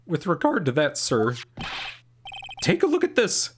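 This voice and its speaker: A man's voice: a little high, huge pitch swings, a little slow, noisy background, pitched above the performer's own voice. A man putting on a jumpy, eager young cop. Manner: ends every sentence with sir, loud and eager. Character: jittery eager young male police officer. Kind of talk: reading game dialogue aloud. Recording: game music playing behind.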